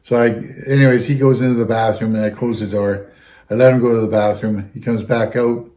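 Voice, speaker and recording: This man, a retired fire captain, spins a wandering anecdote over casual talk, looping back repeatedly with "anyhow." His fairly low voice is warm and steady, moving a little fast.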